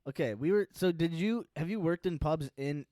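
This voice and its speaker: A man co-hosting a casual chat, eagerly asking questions and agreeing with quick replies. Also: on the high side, mellow, no room sound. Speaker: co-host. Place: studio.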